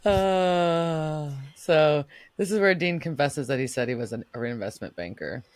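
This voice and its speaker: A woman's voice: low voice, a little slow, dry recording. A woman co-hosting a podcast, recapping an episode in casual chat, swearing and acting out the characters' lines. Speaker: podcast co-host. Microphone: remote recording setup.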